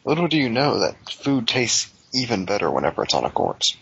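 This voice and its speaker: Lively bright-voiced man riffing on a movie. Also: lowish voice, fairly quick, creaky, husky, dull audio. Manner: jokey, absurd riffs. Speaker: commentary co-host.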